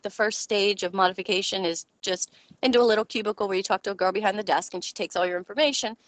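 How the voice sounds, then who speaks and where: A woman in her forties giving a personal faith testimony, earnest and halting as she searches for words, often laughing as she talks. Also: mid-range voice, no room sound. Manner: often breaks into laughter while speaking. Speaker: Christian speaker sharing a testimony.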